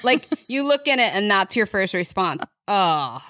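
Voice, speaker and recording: A woman's voice: mid-range voice, very animated, a little slow, pushed and bright, dry recording, studio quality. A woman in a casual podcast chat, explaining herself in an earnest way. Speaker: podcast regular.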